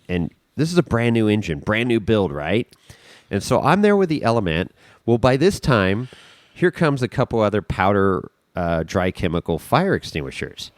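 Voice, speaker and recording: A man, a podcast guest, telling a story in a casual, animated way, swearing freely and acting out the scene. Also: low-pitched, no room sound.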